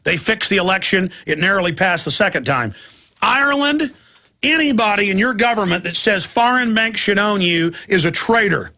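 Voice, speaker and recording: A man's voice: high-pitched, expressive, moderate pace, sharp tone. A middle-aged man hosting a talk radio show, delivering an impassioned, ranting monologue and mimicking opponents' voices. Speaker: radio host.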